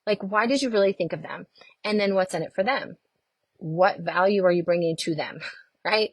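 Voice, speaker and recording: A middle-aged woman coaching on a live stream, chatty and animated, who greets viewers by name as she talks. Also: lowish voice, normal speed, no echo. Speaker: network marketing coach.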